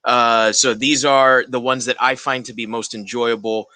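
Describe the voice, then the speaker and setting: A man on a casual podcast panel, speaking in a thoughtful, halting way. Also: medium pitch, level tone, sharp tone, no room sound.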